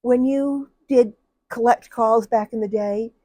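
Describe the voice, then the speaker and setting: In this dry recording, an older woman who once worked as a telephone operator recounts her job in a casual, chatty way, mimicking callers and laughing a lot. She sounds a little high and warm, unhurried, with fairly even intonation.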